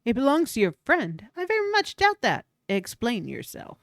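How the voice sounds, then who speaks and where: A woman's voice: a little high, wildly swooping pitch, moderate pace, a bit bright, no echo, clean studio sound, heavily acted. A woman reading a fanatical cult priestess's game lines aloud in a pompous, theatrical voice. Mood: indignant.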